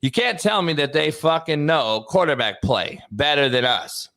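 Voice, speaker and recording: A man hosting a talk show who argues in a casual, profane rant, rising into loud outbursts as he makes his points. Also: fairly high pitch, moderate pace. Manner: animated, profane ranting with sudden loud outbursts. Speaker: show host, former coach.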